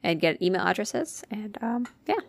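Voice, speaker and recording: A woman's voice: medium pitch, normal speed, vocal fry, no echo, studio quality. A woman co-hosting a casual podcast, talking bluntly and swearing offhandedly. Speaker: podcast co-host. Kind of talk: casual chat.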